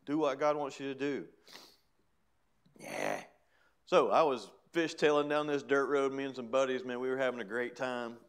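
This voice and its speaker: A man's voice: medium pitch, very animated, moderate pace, clean tone. A middle-aged man preaching, telling his own story in a chatty way with laughs. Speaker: preacher giving testimony. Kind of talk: sermon testimony.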